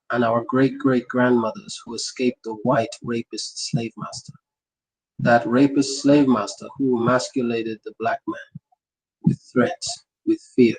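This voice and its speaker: A man's voice: medium pitch, darkish tone, breathy edge, no echo, rough recording. A man narrating a memoir in the first person, breaking into impassioned sermon-style speeches with rhythmic, repeated phrases.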